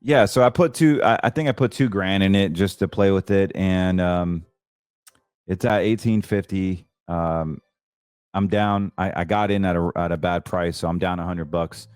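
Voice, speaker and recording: Dry, low-voiced man hosting a money show. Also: normal speed, clear, resonant tone, no echo. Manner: chatty, stumbles and restarts, excitable about trades. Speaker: host. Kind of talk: casual financial talk show monologue.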